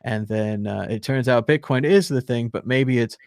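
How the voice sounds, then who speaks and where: A man's voice: medium pitch, moderate pace, vocal fry, darkish tone, dry recording, studio quality. A man hosting a live online show, chatting casually and reading viewer comments aloud with lots of fillers. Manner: rambling, filler-heavy, reads chat aloud with chuckles. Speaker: crypto show host. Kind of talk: casual live-stream chat.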